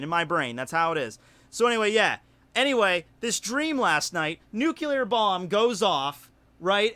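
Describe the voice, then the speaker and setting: High, bright-voiced rambling streamer guy. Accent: Southern US. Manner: rambling, animated storytelling with many fillers. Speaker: YouTuber hosting a livestream. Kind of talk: casual livestream chat.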